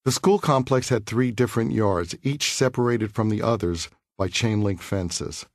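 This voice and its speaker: A man's voice: on the low side, no echo, studio quality. Earnest man reading his memoir. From New York City. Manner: measured, earnest, reflective reading. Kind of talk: audiobook memoir narration.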